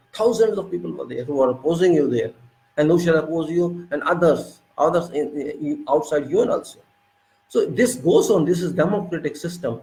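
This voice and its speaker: A man's voice: on the high side, gravelly, mellow, roomy sound, rough recording. A man with an Indian English accent giving an indignant political monologue, lecturing with repeated rhetorical questions. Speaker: political commentator.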